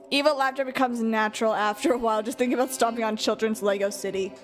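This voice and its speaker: Woman gamer streamer, high bright voice, swears freely, game music underneath. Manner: emotional, swears a lot, frequent laughter. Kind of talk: gameplay reaction commentary.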